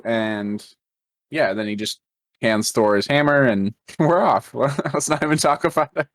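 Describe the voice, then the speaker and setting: A man's voice: mid-range voice, a little slow. A man co-hosting a podcast, chatting casually and often questioning plot details with a laugh. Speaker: podcast co-host. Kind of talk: casual movie discussion.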